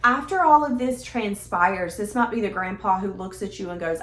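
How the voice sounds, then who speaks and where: A woman's voice: mid-range voice, moderate pace, few pauses, a bit bright. A woman giving a casual tarot reading in a chatty, emphatic, conversational way. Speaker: tarot reader. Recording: echoey room.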